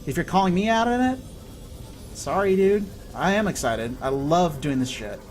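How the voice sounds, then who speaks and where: California dude streaming a game, hyped and chatty, swears a lot, slightly high voice. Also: male voice, normal speed, a little hiss or hum. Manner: excitable, chatty, swears casually. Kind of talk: live gameplay stream chat.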